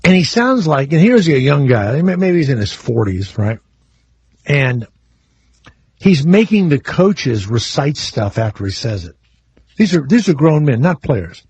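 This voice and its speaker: A man's voice: a little high, big pitch swings, a little slow, pauses often, a little mellow, slightly rough, no room sound. A man hosting a call-in radio talk show, brash, crude and joking with callers. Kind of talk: casual call-in radio banter. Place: radio studio.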